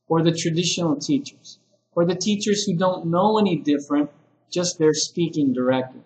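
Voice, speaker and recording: A man giving a relaxed lesson to ESL teachers, talking through example phrases with many fillers. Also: on the high side, echoey room, low-quality recording. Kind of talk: casual spoken lesson to camera. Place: classroom with whiteboard.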